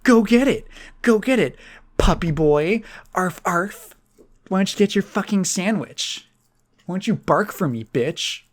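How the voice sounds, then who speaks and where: A man's voice: a little high, normal speed, lightly acted. A man voicing a cruel young schoolgirl bully in a poor imitation of a little girl's voice. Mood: sneering.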